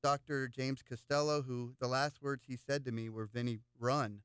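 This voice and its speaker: Man, political candidate, chatty storyteller, smooth voice, dry studio sound. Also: mid-range voice, normal speed, no room sound. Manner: animated storyteller with frequent repeated words. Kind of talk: casual interview chat, storytelling.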